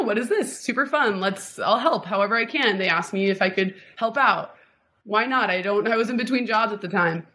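A woman's voice: mid-range voice, fairly bright tone, slight background noise. Woman, 20s, from Miami, interview guest, casual storytelling, rambling, lots of "like", frequent restarts. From Miami, Florida. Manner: rambling, heavy use of "like" and restarts.

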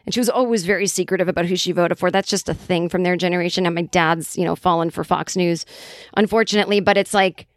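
A woman's voice: on the low side, steady tone, fast, no room sound, studio quality. A woman from Boston, a comedian chatting casually on a podcast, rambling through tangents with plenty of swearing and fillers. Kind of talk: casual chat.

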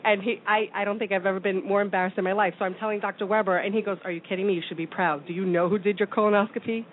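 A woman's voice: steady tone, rapid-fire. A woman from New York City telling a story in casual talk show chat, with many fillers. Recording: tinny phone line with faint rumble.

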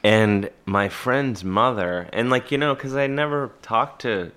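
A man's voice: medium pitch, measured pace, fairly bright tone, clear, resonant tone. A man from Cleveland, an actor, chatting casually on a podcast in a rambling, self-deprecating way. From Cleveland, Ohio. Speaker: actor and guest.

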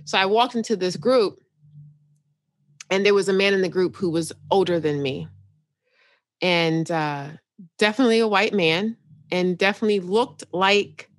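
A woman's voice: medium pitch, normal speed, pauses often, no room sound. A woman from New York speaks as a podcast guest in a mid-range voice, telling a personal story with candid animation and easy laughter. The sound is dry and close, with no room around her. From New York, United States. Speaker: psychotherapist guest.

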